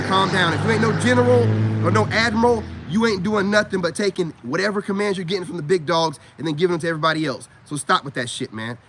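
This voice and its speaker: A man's voice: sits high, heavy background noise. A man giving a blunt, profane lecture in a casual rant straight to camera. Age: adult parent. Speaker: vlogger. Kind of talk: casual ranting monologue.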